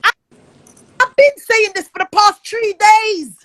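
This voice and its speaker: A woman, ranting loudly and profanely on a livestream, often close to tears. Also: extremely high pitch, measured pace, no echo. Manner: angry, loud and profane, often near tears. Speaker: live streamer. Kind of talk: heated livestream rant.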